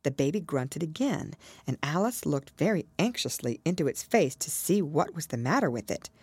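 A woman narrates a storybook in a low voice, expressive and measured, with a lively rise and fall. She sounds close and dry. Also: husky, no echo. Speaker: storybook reader.

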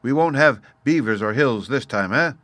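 A patient caveman father explains things slowly and with a playful tease, as a man reading aloud puts him on. His voice is bright and crisp, close and dry, much like the reader's own. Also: mid-range voice, expressive, no echo, close to an everyday voice. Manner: patient, teasing, explaining step by step.

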